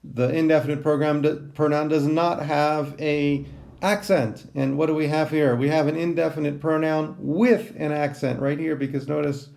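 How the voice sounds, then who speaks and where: Gravelly, halting man teaching Greek. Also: on the high side, level tone, a little mellow. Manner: halting, many ums and restarts. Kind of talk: recorded class lecture.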